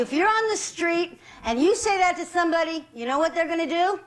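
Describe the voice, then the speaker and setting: A woman's voice: high-pitched, lively intonation, moderate pace, poor audio. A woman self-defense instructor leading a group class with upbeat, directive instructions and playful asides.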